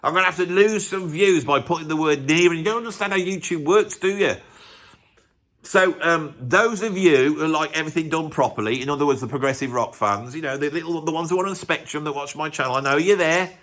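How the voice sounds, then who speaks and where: A man's voice: fairly high pitch, brisk, a bit bright. A man hosting his music channel, rambling and teasing his viewers. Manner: rambling, teasing, self-mocking asides. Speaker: YouTube music channel host. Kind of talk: casual vlog commentary.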